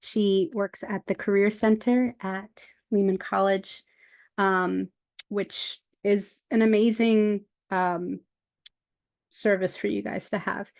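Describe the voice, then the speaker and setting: A woman hosts a workshop over a video call and introduces a guest in a relaxed, hesitant way with frequent ums. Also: medium pitch, slow pace, vocal fry. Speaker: workshop host.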